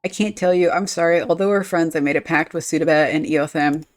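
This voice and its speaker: A woman's voice: low voice, fairly quick, lightly acted. A woman reading as an earnest village boy. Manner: reading game dialogue aloud.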